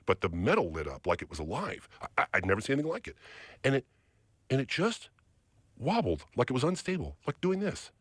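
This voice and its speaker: A man's voice: medium pitch, wildly swooping pitch, fairly quick, a bit bright, no echo, studio quality. A man, a podcast guest, telling a long story with energy and acting out other people's lines in quotes. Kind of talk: animated storytelling.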